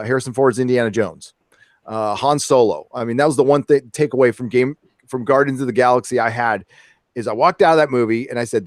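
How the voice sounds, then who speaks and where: A man's voice: medium pitch, no echo, clean studio sound. Earnest rambling man, podcast guest. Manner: earnest, rambling, many fillers. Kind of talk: casual opinion chat.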